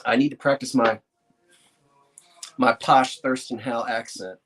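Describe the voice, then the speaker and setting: Antiques dealer, male, excitable vlogger, chatty and prone to laughing. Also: medium pitch, normal speed, long pauses, slightly rough. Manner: chatty, excitable, laughs often, talks to himself. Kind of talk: casual vlog talk to viewers.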